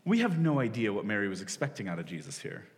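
Preaching in a church hall through a stage microphone, a forties-aged male pastor keeps things loose and conversational, laughing at himself often and restarting lines. His lowish voice moves quickly with big pitch swings, and the large hall adds long reverb.

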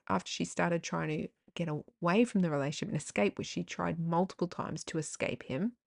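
A woman hosts a candid personal podcast in a lowish, gravelly voice full of vocal fry. She rambles frankly, swears now and then, and circles back through tangents and fillers. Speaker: podcast host.

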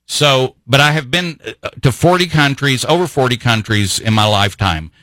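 A man's voice: mid-range voice, normal speed, bright, forceful tone, no echo, low-quality recording. A man hosting a talk radio show, delivering an impassioned political monologue full of rhetorical questions. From grew up in Vienna.

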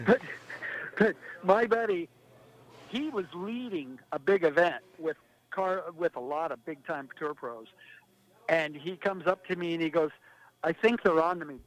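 A man's voice: on the high side, takes it slowly, long pauses, low-quality recording. A man, a golf pro guest, casually telling funny stories from his touring days with lots of laughs. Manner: animated, laughing storyteller. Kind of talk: casual storytelling.

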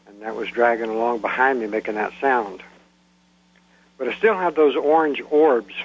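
A man calling into a radio show, telling a ghost story in a plain, halting way with fillers. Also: mid-range voice, breathy edge. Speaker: caller. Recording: dull phone-line audio.

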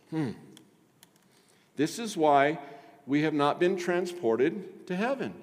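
Emphatic pastor preaching in a reverberant hall. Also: male voice, sits high, lively intonation, a little mellow. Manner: emphatic preaching with rhetorical questions and pauses. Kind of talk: sermon.

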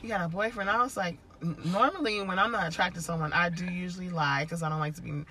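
A woman's voice: fairly low pitch, fast, a little hiss or hum. A woman telling a story in casual chat, acting out the people in it with shifting voices. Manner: animated, acts out quotes in shifting voices.

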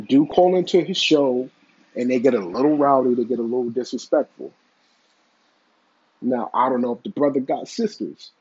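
A man's voice: mid-range voice, dark tone, breathy edge, highs cut off. A man giving blunt, profane, opinionated casual commentary.

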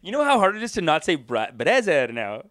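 A man's voice: high voice, fast, dry recording, clean studio sound. A man who co-hosts a podcast and does stand-up comedy, chatting casually, laughing a lot and slipping into bits. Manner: animated, laughing, breaks into act-outs.

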